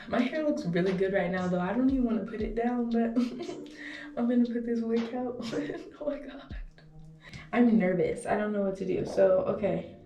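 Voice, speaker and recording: A woman's voice: medium pitch, darkish tone, distant mic. Nervous young woman, echoey room. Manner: nervous, chatty, swears and laughs to herself. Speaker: beauty vlogger. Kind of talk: casual vlog talk to camera. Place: indoor room at home. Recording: echoey room, off-mic, music behind.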